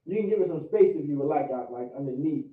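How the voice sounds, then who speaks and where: A man's voice: on the high side, animated, fast. American guy teaching words, repeats em over and over, tinny phone-ish sound, roomy echo. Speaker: class teacher. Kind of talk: teaching vocabulary and pronunciation. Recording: tinny, echoey, distant call audio.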